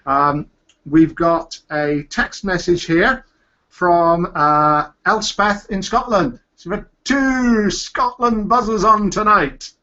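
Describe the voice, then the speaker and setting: A cheerful man hosting a casual live show from a home computer, chatty and quick to laugh. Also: sits high, sharp tone. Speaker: host. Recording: dull lo-fi webcast audio.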